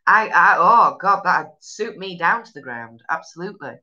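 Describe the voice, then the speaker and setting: A woman's voice: lowish voice, animated, moderate pace, pushed and bright, highs cut off. A woman with a Yorkshire accent hosting a casual live stream, chatting bluntly and rambling with sweary northern slang. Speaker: live stream host reading viewer comments. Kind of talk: casual chat.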